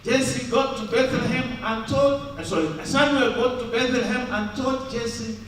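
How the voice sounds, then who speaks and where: Male pastor, sermon, slow delivery, loud and quiet swings, very echoey church hall. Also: fairly even intonation, recorded from a distance, slight background noise. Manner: swings between loud raised delivery and low quiet stretches.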